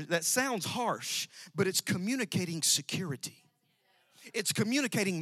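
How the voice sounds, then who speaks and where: A man preaching a sermon to a congregation, emphatic and repetitive, with sudden loud outbursts. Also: high voice, normal speed. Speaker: pastor. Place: church sanctuary. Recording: dry sound with long hall reverb.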